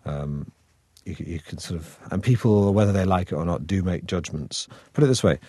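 A low-voiced man from Manchester, guesting as an actor in a relaxed conversational interview, chats in a wry way, with frequent fillers and restarts. His northern English accent leans toward received pronunciation, his tone is dark, he speaks at normal speed, and there's no room sound.

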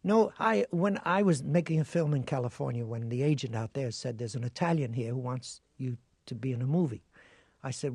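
An older man, a guest actor, telling stories in an interview, animated, acting out voices and laughing. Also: mid-range voice, fairly quick, breathy edge, no echo. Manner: animated storyteller who acts out voices and laughs. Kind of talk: interview storytelling.

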